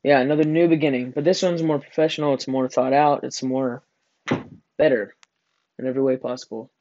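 Teen guy, podcast host, giggly rambling chat, mellow tone, dry dull lo-fi sound. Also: mid-range voice, steady tone, a little fast, no echo. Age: teens.

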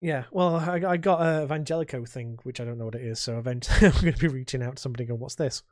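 A man co-hosting a podcast in a casual, rambling chat, full of halting restarts. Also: medium pitch, a little mellow, no room sound, clean studio sound. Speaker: podcast co-host.

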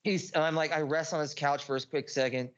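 A man's voice: fairly high pitch, steady tone, a little fast, muffled recording. A man, a podcast guest, telling a rambling personal story, swearing freely and often restarting his sentences. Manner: profane, restless, restarts often.

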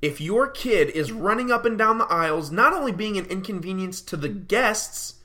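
A man's voice: high-pitched, lively intonation, moderate pace, sharp tone. A young man in his early twenties hosting a podcast, ranting animatedly in a casual monologue and laughing often. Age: early 20s. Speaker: podcast host.

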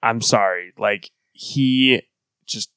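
A man's voice: lowish voice, slow, sharp tone, clean tone, no echo. A man co-hosting a casual comic book podcast, laughing often and quoting characters. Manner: laughing, quotes characters in put-on voices. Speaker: podcast co-host.

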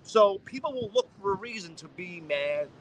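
A man's voice: sits high, normal speed, creaky, rough recording. A man telling profane anecdotes in casual chat, acting out the voices of people in his stories. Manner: animated, acts out voices in anecdotes.

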